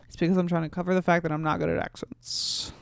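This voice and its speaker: A woman's voice: on the low side, flat delivery, fast talker, vocal fry, a little hiss or hum. A young woman podcast host reading aloud a fanfic she wrote as a teen, tipsy and giggly, breaking off for asides. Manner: tipsy, giggly asides between read passages.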